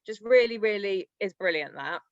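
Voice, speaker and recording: A woman's voice: mid-range voice, expressive, moderate pace, no room sound. A woman sharing sales tips on a team video call, chatty and rambling, laughing often. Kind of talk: casual team-call talk. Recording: dry, dull lo-fi call audio.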